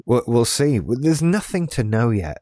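Warm and sing-song, this man's medium-pitched voice moves at an unhurried pace. In his late thirties, he co-hosts a podcast, casually rambling with restarts and wry asides. The studio-quality recording has no room sound.

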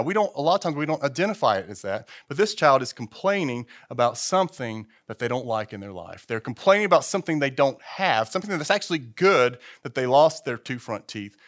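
A man in his fifties preaching a sermon to a church congregation in a loose, conversational way, with frequent restarts. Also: medium pitch. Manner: conversational, animated, with repeated restarts. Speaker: pastor.

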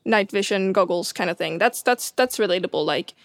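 A woman's voice: medium pitch, brisk, dry recording. Chatty woman astronomer, dry sound. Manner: chatty, many fillers and restarts, laughs often. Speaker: astronomer guest. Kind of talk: casual science chat.

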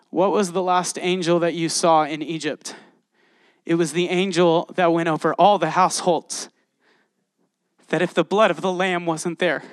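A man preaching a casual, animated sermon, reading scripture and exclaiming often to his listeners. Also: a little high, dry recording, clean studio sound.

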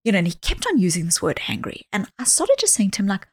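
A woman speaking as a psychologist guest on a podcast interview, explaining ideas earnestly and dropping to a soft voice when she acts out quoted speech. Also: medium pitch, wildly swooping pitch, fast talker, hardly any pauses, slightly rough.

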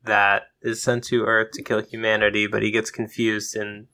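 A man's voice: fairly low pitch, monotone, normal speed, pushed and bright. A man co-hosting a comedy podcast in casual chat. He plays along with dry, mock-offended humor. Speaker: podcast co-host.

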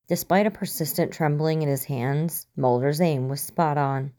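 A woman narrating fan fiction in a steady, expressive audiobook reading. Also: low voice, normal speed, few pauses.

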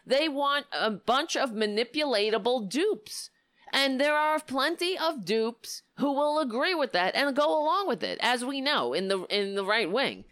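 A woman hosting a political talk show, giving impassioned, indignant commentary with a hoarse voice. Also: a little high, no room sound, studio quality. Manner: impassioned, indignant, rising to near-shouting.

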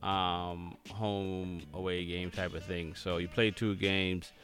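A man's voice: sits low, level tone, slow, fairly bright tone. A man hosting a radio show, chatting casually about sports with lots of ums and restarts.

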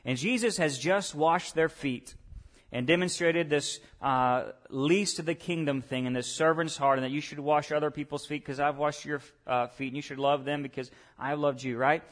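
Speaking at an ordinary pace, a man with a slightly high voice delivers a sermon as a pastor. He questions the congregation directly, alternating hushed asides with forceful, loud declarations.

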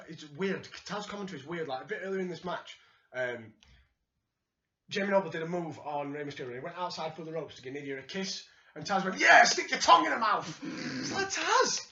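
Bright high Yorkshire man, animated chat. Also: a little fast. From England. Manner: animated, laughs often, acts out quotes. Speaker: podcast co-host. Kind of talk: casual chat reviewing wrestling. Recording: roomy, slightly dull sound.

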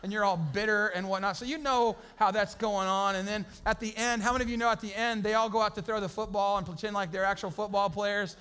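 A middle-aged man preaching a sermon as a pastor, conversational and lively, slipping into playful voices for the people in his stories. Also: high voice, quick pace, hardly any pauses, smooth.

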